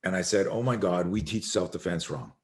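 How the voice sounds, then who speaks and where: A middle-aged man, a self-defense instructor, telling an animated story as a podcast guest and acting out the voices of the people in it. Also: sits low, a little fast. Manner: acts out quoted voices, swearing, emphatic.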